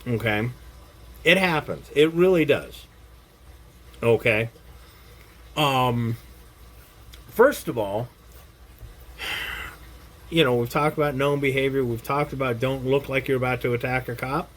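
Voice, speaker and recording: A man's voice: medium pitch, measured pace, pauses often, a bit bright. A middle-aged or older man giving a blunt, casual self-defense lesson to camera, salty language and frequent check-ins with his listener. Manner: blunt and profane, checks in with "Okay?" after points.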